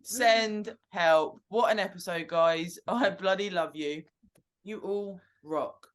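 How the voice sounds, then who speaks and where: A woman's voice: fairly low pitch, slow, slight background noise. A woman hosting a casual group chat, telling stories with lots of swearing and laughter. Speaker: host.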